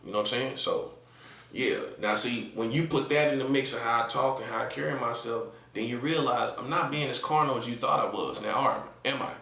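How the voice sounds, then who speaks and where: A man's voice: medium pitch, brisk, bright, forceful tone, echoey room. A man from North Carolina with a Southern accent, preaching in a casual, emphatic monologue full of rhetorical questions and slang. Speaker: prophet.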